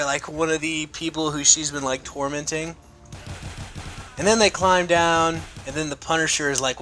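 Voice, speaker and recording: A man's voice: a little high, steady tone, moderate pace, bright, forceful tone. A young man casually reviewing a comic, rambling and swearing with enthusiasm.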